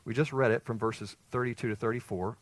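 A pastor preaching with growing emphasis and firing off rhetorical questions. His voice sits at a medium pitch, and the recording is dry and close with no room sound. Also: steady tone, fairly quick, no room sound. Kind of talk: expository sermon.

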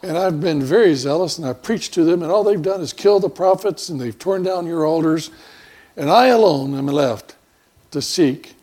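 A man voicing a lonely prophet pleading his complaint to God, in his own mellow, husky voice. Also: a little high, close to an everyday voice.

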